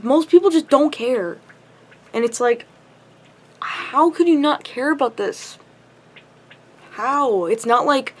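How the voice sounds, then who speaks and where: A young woman ranting to camera, frustrated and impassioned, swearing heavily, tired late at night. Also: fairly high pitch. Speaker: vlogger.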